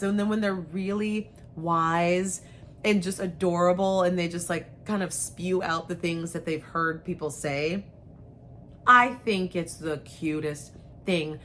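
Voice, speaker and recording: A woman's voice: fairly low pitch, a little slow, bright, forceful tone, slight background noise. A young adult woman hosting her own channel, talking frankly and chattily to camera with slangy asides. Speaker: host. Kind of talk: casual chat to camera.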